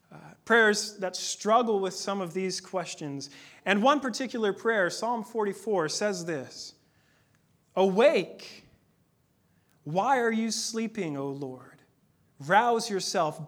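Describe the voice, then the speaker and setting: A man in his thirties preaching a sermon in a conversational, earnest way, dropping to a hush at times. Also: high-pitched. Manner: conversational, earnest, with dramatic pauses and hushed moments. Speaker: pastor.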